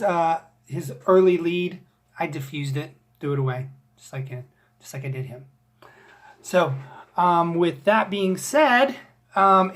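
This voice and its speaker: Slow-talking wisecracking woman recapping. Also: fairly low pitch. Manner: wisecracking, rambling with fillers, playful crude asides. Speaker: fantasy football league recap host. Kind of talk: casual joking sports recap.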